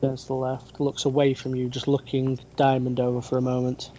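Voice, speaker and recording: A game master narrating a tabletop role-playing game, pausing often with ums and restarts. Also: medium pitch, monotone, mellow, slight background noise, rough recording. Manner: hesitant, many ums and restarts.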